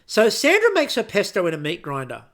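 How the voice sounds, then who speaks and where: A man co-hosting a podcast, telling stories in a lively, animated way and swearing casually. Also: sits high, fairly quick. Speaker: podcast co-host.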